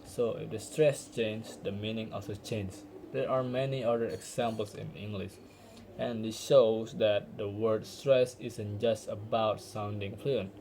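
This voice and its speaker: A man's voice: lowish voice, fairly even intonation, measured pace, darkish tone, a little hiss or hum, poor audio. A young man, a university student from Indonesia, giving an earnest class presentation with small restarts. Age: young adult.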